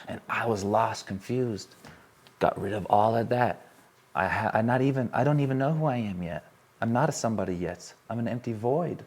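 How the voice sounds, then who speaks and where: An earnest man with a very low voice speaks from a stage to a live audience. He repeats phrases as he presses a point, then drops to a softer, quieter tone. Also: normal speed. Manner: earnest, repetitive, builds intensity then softens. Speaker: workshop speaker. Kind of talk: emotional live talk to an audience.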